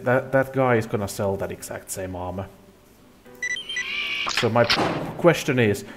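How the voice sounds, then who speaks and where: A man hosting a let's play, giving rambling, self-deprecating gameplay commentary. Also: fairly low pitch.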